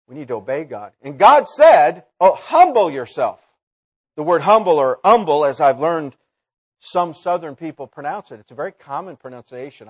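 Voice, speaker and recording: A man preaching a sermon in a college chapel, swinging between loud emphatic lines and low quiet asides.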